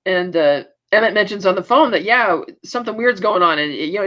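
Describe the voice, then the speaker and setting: A woman co-hosting a podcast, telling the plot in a lively, casual way. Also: mid-range voice. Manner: lively storytelling, quickly recapping plot. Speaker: podcast co-host. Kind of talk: casual podcast episode recap. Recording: dull lo-fi sound.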